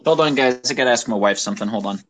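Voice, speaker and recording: A man's voice: mid-range voice, racing, a bit bright. A man in casual podcast chat, bantering playfully and reacting to the others. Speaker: podcast co-host.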